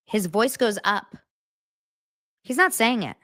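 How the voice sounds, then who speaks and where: A woman's voice: on the high side, sing-song, a little slow, pauses often, no room sound, studio quality. A woman hosting a celebrity gossip show, chatting casually to her viewers, emphatic and incredulous, often repeating herself. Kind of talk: casual chat to camera.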